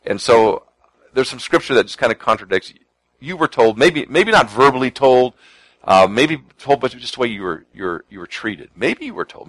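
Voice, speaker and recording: A man giving a conversational sermon, quoting scripture and swinging between soft, hushed lines and emphatic ones. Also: lowish voice, no echo, poor audio. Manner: conversational preaching, repeats words, quotes scripture; shifts from soft near-whispers to emphatic lines. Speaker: pastor.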